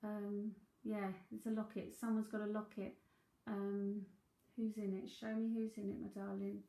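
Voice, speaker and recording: A psychic medium with a London Cockney accent gives a live reading in a roomy, echoing space. Her medium-pitched voice is dark with vocal fry and a completely flat delivery at normal speed, though she's chatty, thinks aloud, and laughs often.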